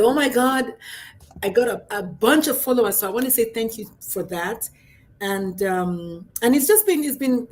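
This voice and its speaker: A middle-aged woman, a pediatrician and life coach, talking in a brash, outspoken way in a casual livestream chat, swinging between loud and soft. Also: medium pitch.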